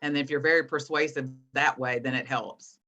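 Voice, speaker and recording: A woman in her thirties, a guest teacher, explaining things to students in an encouraging, animated way over a video call. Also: rumbling low, moderate pace, highs cut off. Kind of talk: online class teaching.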